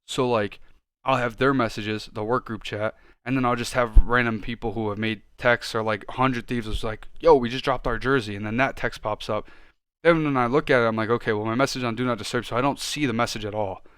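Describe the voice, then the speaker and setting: A man in the middle range of pitch rants his way through a casual podcast chat, cursing freely. He gets loud and worked up as he goes. The sound is dry and close, with no room echo. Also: fairly even intonation, fairly quick, clear, resonant tone. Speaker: podcast co-host.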